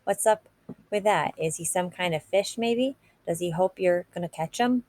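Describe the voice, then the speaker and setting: A swaggering teenage boy bully needles his target with mocking questions, as a woman reading a novel aloud voices him. The voice sits low and teasing. It is plain storybook read-aloud. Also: normal speed, darkish tone, close to an everyday voice. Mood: taunting. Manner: taunting, teasing.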